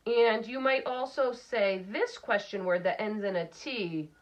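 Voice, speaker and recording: Woman teacher, slow deliberate phonics delivery, mid pitch, dull lo-fi sound. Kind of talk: recorded phonics lesson for children.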